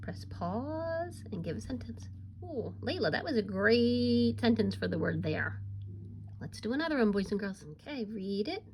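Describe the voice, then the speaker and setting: This woman's voice sits fairly high and is very animated, moving at a normal speed over slight background noise. She's a kindergarten teacher giving a recorded reading lesson to little kids, cheerful and supportive with that sing-song teacher tone.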